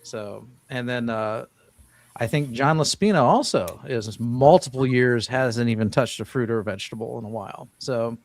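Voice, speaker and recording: A man's voice: medium pitch, normal speed, dry recording. Rambling man hosting a live chat, dry sound. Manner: loose and rambling, frequent restarts. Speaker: host of a diet livestream panel. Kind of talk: casual live-stream chat.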